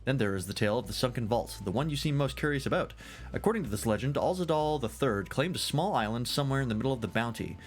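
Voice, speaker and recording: A man's voice: medium pitch, lively intonation, fast talker, lightly acted. A man reading game dialogue aloud in character, voicing a jovial, long-winded male scholar fond of drink, in a grandiloquent, theatrical storytelling manner.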